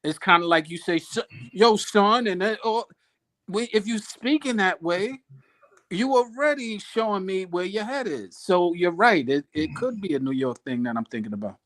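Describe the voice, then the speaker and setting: A man with a high voice hosts a casual discussion panel. He speaks emphatically and addresses the audience directly as he makes his points. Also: expressive, normal speed, fairly bright tone.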